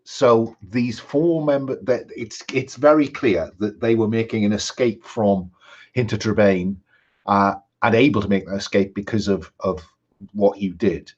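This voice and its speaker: Male game master, husky, steady and hesitant narration, dull lo-fi recording. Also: fairly low pitch. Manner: measured, frequent ums and restarts.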